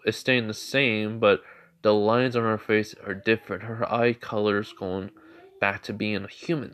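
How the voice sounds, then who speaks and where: A man casually retelling a made-up fan story, rambling with lots of filler. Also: medium pitch. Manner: rambling, heavy with fillers and restarts.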